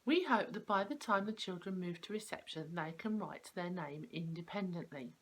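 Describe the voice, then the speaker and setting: A woman, a preschool teacher explaining classroom activities to parents, clear and slow, stressing the sounds of words. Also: fairly low pitch, lively intonation, a bit bright, low-quality recording.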